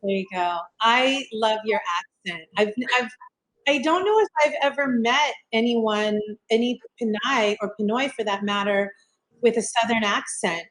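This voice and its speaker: A woman's voice: a little high, normal speed, a bit bright, low-quality recording. A woman hosting a casual interview over a video call, chatty and upbeat, talking her plans aloud and repeating herself as she goes. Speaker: host.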